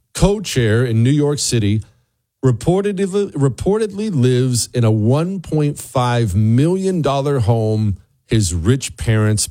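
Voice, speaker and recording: A man's voice: mid-range voice, warm tone. A man hosting a talk show, delivering a sarcastic, ranting commentary monologue that drifts into asides. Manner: wanders off on asides.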